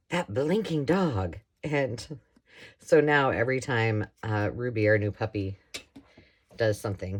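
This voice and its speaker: A woman's voice: rumbling low, a little hiss or hum. A woman chatting casually and rambling as she works on a craft project, often laughing. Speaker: craft vlogger. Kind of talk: casual chat while crafting.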